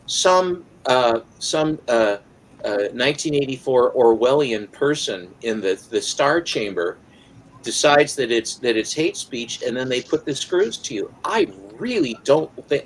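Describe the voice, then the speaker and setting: An American man in casual podcast talk, his voice sitting at an ordinary pitch. He rambles, halting often with ums and restarts. A faint hiss runs under the recording. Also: lively intonation, rough recording. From United States. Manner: rambling, hesitant with many fillers. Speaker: podcast co-host. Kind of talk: casual chat.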